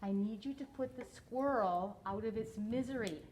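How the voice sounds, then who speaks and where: A woman voicing a stern, exasperated middle-aged mother who spells out every word slowly and insistently. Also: medium pitch, a little mellow, slight background noise, lightly acted.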